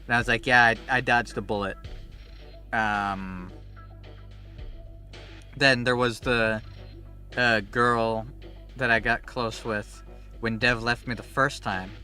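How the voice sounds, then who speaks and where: A young man streaming a game, telling stories in a rambling, animated way and swearing freely. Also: medium pitch, slow, long pauses, soft background music. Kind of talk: casual chat while gaming.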